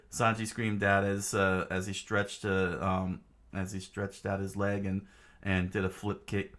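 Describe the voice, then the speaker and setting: A man casually reading a comic aloud as narrator, halting often with fillers and restarts. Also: deep voice, little pitch movement, fairly bright tone. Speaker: comic reader.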